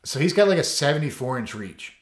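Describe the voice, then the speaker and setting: Here the coach and foster dad speaks fast in a slightly high voice with big pitch swings, the room echoing around him. Telling stories in a casual podcast interview, he rambles loosely with plenty of "you know" and "like," voicing the lines of the people in them.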